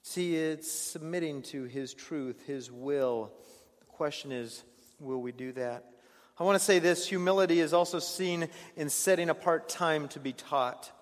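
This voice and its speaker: A fairly high-voiced man preaches an earnest sermon. He stumbles over repeated words and drops to near-whispers before rising again. His voice rings out with a long tail of reverb, as if filling a large hall. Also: measured pace. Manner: earnest, stammering restarts, swings between hushed and raised delivery. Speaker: pastor.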